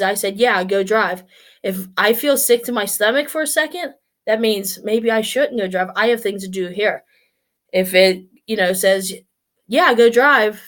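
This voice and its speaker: A woman's voice: mid-range voice, a bit bright. A woman in her forties chatting casually and upbeat on her vlog, a bit out of breath, with many restarts and asides. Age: 40s. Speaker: vlogger. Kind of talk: casual solo vlog chat.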